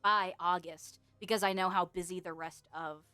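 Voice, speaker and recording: A woman's voice: on the low side, fairly even intonation, normal speed, sharp tone, clean tone, no room sound, faint music behind. A young woman chatting casually on a live stream, rambling, giggling often and swearing offhand.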